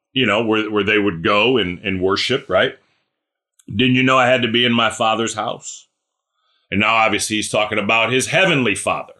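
A man preaching a relaxed, conversational sermon. He keeps checking in with the congregation and calls on listeners by name. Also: fairly low pitch. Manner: chatty, asks listeners questions by name; animated, acts out scripture characters. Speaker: pastor.

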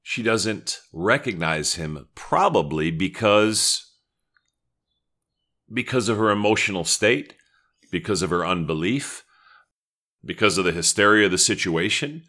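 Low-voiced man preaching a sermon. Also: lively intonation, a little slow, pauses often, pushed and bright. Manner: conversational teaching with prayerful asides. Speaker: pastor.

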